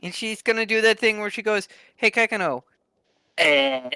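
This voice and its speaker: A needy baby creature whines in a squeaky, pleading voice. The sound is bright and crisp, close and dry, like a tabletop game figure begging at the table. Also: male voice, animated, moderate pace, dry recording. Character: baby male creature, two weeks old, clingy.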